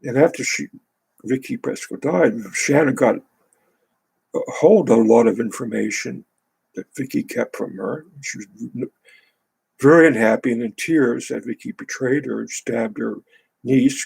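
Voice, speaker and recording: A man's voice: medium pitch, gravelly, a little mellow, slightly rough, low-quality recording. A man reading a book aloud, then breaking off into sarcastic, indignant commentary.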